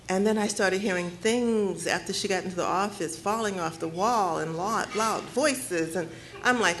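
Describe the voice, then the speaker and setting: A middle-aged woman from Detroit giving a personal storytelling speech at her book launch, measured and earnest with slow, emphatic phrases. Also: mid-range voice, a bit bright, a little hiss or hum. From Detroit, United States. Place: cafe event space with audience.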